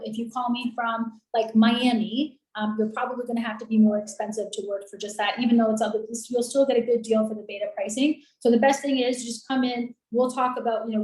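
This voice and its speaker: A woman talking in a chatty, upbeat, persuasive way, pitching her business on a video call. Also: darkish tone. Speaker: lead generation and call center business owner. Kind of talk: casual sales pitch on a coaching call. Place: in Colombia. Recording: roomy echoey room.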